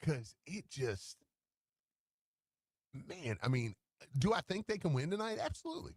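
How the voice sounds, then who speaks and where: A man co-hosting sports radio, excitable, stammering and restarting as he talks into a studio microphone. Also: fairly high pitch, slow pace, husky, no room sound. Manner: animated, stammers and restarts, laughs easily. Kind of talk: casual sports radio talk.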